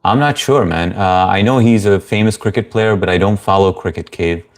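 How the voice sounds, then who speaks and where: Brief: male livestream host, lowish voice, easygoing chat, reads comments and greets viewers. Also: normal speed. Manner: easygoing, greets viewers by name, frequent fillers.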